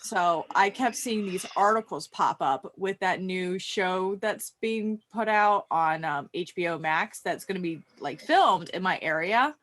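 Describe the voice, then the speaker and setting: A woman's voice: fairly low pitch, lively intonation, measured pace, few pauses, a bit bright. A woman from the US Northeast with a Philadelphia-area accent, chatting in a self-deprecating, giggly way. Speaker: tabletop player. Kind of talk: casual chat.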